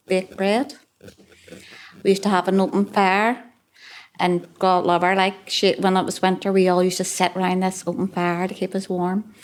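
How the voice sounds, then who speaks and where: A woman with a Belfast accent who reminisces about her childhood in a chatty, rambling way, with many small fillers. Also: mid-range voice. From West Belfast. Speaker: carer sharing memories. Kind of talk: reminiscing on a podcast.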